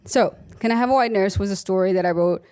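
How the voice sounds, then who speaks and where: A woman's voice: mid-range voice, quick pace, smooth. A young adult woman, an emergency room nurse and author, telling stories from her work in a conversational talk, acting out the people in them. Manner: animated storytelling, voices her patients, laughs often.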